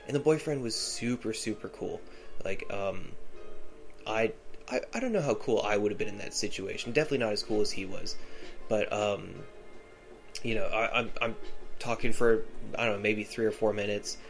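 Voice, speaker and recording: A man's voice: lowish voice, moderate pace, faint music behind. A man hosting a podcast, telling a personal story in a rambling, casual way full of fillers and restarts. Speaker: podcast host.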